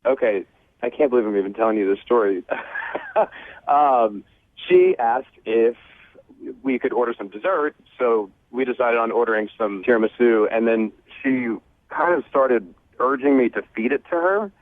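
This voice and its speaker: A man's voice: mid-range voice, moderate pace, dry recording. A man on a phone call, hesitant and sheepish, stammering as he explains himself. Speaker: caller. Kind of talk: phone conversation. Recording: tinny phone line.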